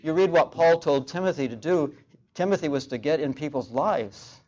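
A man preaching a sermon in a measured way, repeating key phrases for emphasis, on a dull lo-fi recording. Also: a little high, a little mellow.

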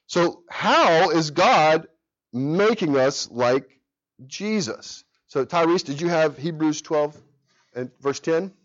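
Speaking slowly in a fairly high voice, this man in his thirties leads an adult Sunday school class despite being worn out from a night without sleep. He comes across as sincere and chatty, livening up during stories, though the recording is muffled.

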